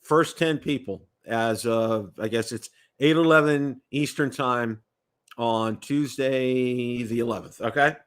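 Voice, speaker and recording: A man's voice: mid-range voice, takes it slowly, smooth. A man from the United States hosting a casual livestream chat, rambling, repeating words and checking in with "okay?". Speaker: livestream host.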